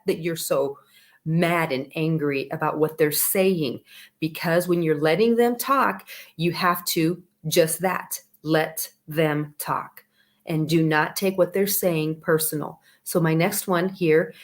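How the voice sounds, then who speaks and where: A middle-aged woman with a mid-range voice talks parents through advice on a live video. Her manner is earnest and chatty, with many fillers and frequent check-ins like "okay" and "all right". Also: mid-range voice. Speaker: parenting coach.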